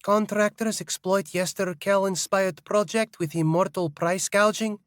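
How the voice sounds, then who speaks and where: A man voicing a sharp, businesslike young woman speaking in a raised, clipped voice. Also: high-pitched, fairly even intonation, a little slow, no room sound, clean studio sound, pitched above the performer's own voice. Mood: scheming.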